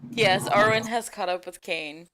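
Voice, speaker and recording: A woman narrating as game master of a tabletop game, unhurried and hesitant. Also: medium pitch, a crowd in the background.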